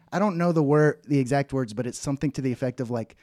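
A man's voice: medium pitch, quick pace, few pauses, a little mellow, dry recording, clean studio sound. A man co-hosting a podcast in casual chat who rambles, restarts his sentences and laughs often. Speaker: podcast co-host.

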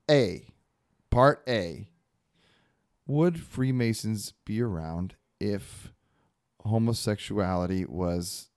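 A man's voice: low-pitched, a little mellow. A man co-hosting a podcast, chatting casually and tossing out dry joking asides. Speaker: podcast co-host. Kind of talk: casual chat.

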